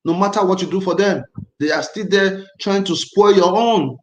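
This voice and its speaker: A man's voice: high-pitched, normal speed, roomy sound, highs cut off. A man hosting a casual livestream, tense and angry, talking emphatically and repeating himself. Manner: emphatic, repetitive, agitated. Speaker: livestream host.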